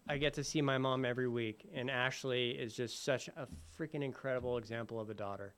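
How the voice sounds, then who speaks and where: A man telling his sobriety story in a halting way, full of fillers and restarts. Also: medium pitch, fairly even intonation, a bit bright. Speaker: recovery speaker sharing his story. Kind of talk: personal recovery talk.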